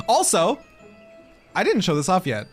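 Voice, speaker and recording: A man streaming a game, chatting casually with his viewers, laughing often and swearing freely. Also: high-pitched. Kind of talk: casual live-stream chat while gaming.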